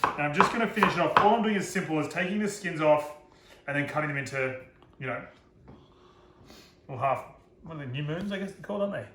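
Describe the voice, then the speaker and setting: A man's voice: a little high, fast, pauses often, reverberant, background noise. A man giving a casual cooking demonstration, chatty and self-deprecating, joking about his own slips.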